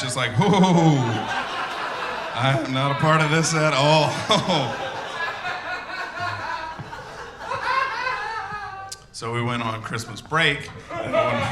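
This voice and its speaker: A comedian telling a personal story on stage, halting with fillers and bursting into shouted quotes. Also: male voice, mid-range voice, roomy sound, heavy background noise.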